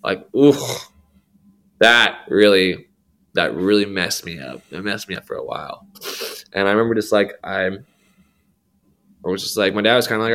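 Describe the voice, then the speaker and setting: A man's voice: deep voice, moderate pace, pauses often, fairly bright tone. A young adult man sharing his faith story as a podcast guest, rambling with slang and many fillers. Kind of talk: candid personal testimony.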